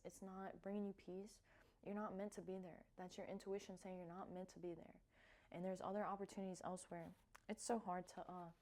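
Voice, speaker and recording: A woman vlogger talking casually and softly, with lots of fillers and restarts, as she reflects on cards she has drawn. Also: mid-range voice. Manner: soft-spoken, hesitant with many fillers. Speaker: wellness vlogger.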